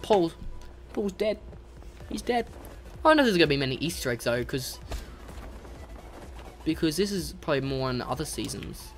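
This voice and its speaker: A woman gamer giving casual let's-play commentary, chattering to game characters and breaking into excited shouts. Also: deep voice, normal speed, pauses often, faint music behind.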